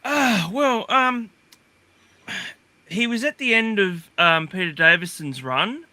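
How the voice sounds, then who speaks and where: An Australian man appears as a guest on a livestream call, chatting casually and rambling with plenty of fillers and restarts. His voice is high, bright and forceful, he takes things slowly, and the recording is dry.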